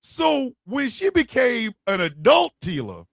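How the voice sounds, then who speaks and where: Excitable profane man, gravelly voice. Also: very high voice, unhurried, no room sound, studio quality. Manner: profane, excitable, acts out quotes loudly. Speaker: podcast co-host. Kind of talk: animated casual chat.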